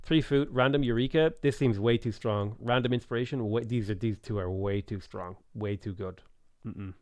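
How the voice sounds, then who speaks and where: A man's voice: fairly low pitch, moderate pace, darkish tone, no room sound. A man in his late twenties with a Dublin Irish accent chatting casually on a live stream while gaming, rambling, reading chat aloud and musing over game options. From Ireland.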